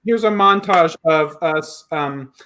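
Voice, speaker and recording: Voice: medium pitch, pushed and bright. Giggly reunion host on a video call. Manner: giggly, chatty, quick to laugh. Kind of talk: casual video-call chat.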